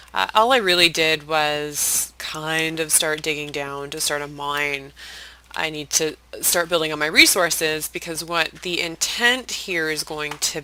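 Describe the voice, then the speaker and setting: Chatty, bright-voiced gaming host. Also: mid-range voice, poor audio. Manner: chatty, rambling, self-deprecating; drops to soft whispered asides. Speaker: Minecraft let's-play host. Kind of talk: casual gameplay commentary.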